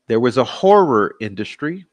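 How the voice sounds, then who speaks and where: A man hosting a true-crime stream, talking in a sarcastic, excitable, rambling way with many fillers. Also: mid-range voice, moderate pace, no echo. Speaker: true-crime channel host. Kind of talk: live-stream commentary.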